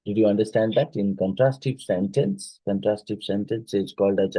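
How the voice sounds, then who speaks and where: A low, mellow-voiced man from India, speaking Odia-tinged English, walks students through intonation exam questions. His voice is a little husky and the sound is dry and close. He keeps pausing to check understanding. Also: no echo, rough recording. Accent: Odia-influenced English. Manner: explains with many fillers and rhetorical checks. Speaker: teacher. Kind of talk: exam-prep phonetics lecture.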